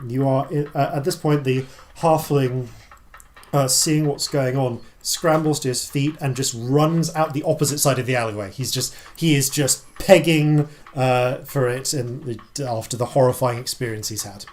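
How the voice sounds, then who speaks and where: A man's voice: medium pitch, normal speed. Rambling man running a tabletop game. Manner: explains rules at length with many ums and restarts. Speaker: dungeon master.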